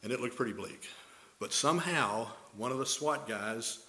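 An older man delivers a sermon at an even, middle pitch. He speaks as a pastor, working through scripture with folksy stories and rhetorical questions to his listeners. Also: normal speed.

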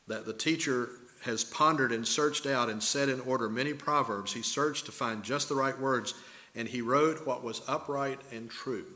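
Older guy preaching, folksy stories and questions to the room, mid-pitched voice. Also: sharp tone. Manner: folksy storytelling with rhetorical questions. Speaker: pastor. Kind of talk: sermon.

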